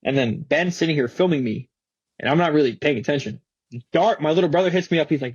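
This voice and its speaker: Husky young man telling a wild story. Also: fairly high pitch, quick pace, no echo, dull audio. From Florida. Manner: slangy, animated, swearing, many fillers. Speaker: interview guest, skater. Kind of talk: casual storytelling.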